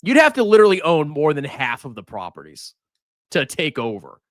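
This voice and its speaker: A male finance streamer riffing sarcastically on a casual livestream, his slightly high voice swinging widely in pitch. He sounds mocking and excitable. The sound is close and dry. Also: fairly quick, dry recording.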